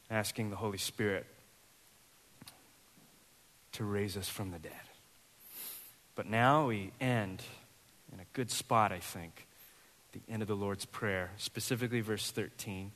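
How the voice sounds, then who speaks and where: A man in his thirties, a pastor, preaching a sermon and telling a personal story with lively, acted-out dialogue. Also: on the low side, a little slow, pauses often, in a large hall. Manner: animated storyteller, acts out voices in quoted dialogue.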